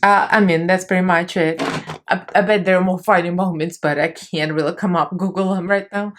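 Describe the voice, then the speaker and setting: A woman's voice: on the low side, fairly even intonation, fairly quick. Chatty Russian-accented woman vlogger. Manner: chatty, laughs often, loose grammar. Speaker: makeup vlogger. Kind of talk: casual makeup tutorial chat.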